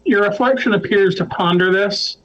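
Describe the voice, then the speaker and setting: A man running a tabletop game as storyteller, narrating slowly with pauses and fillers. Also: sits high, a bit bright, muffled recording. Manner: slow, halting narration with fillers.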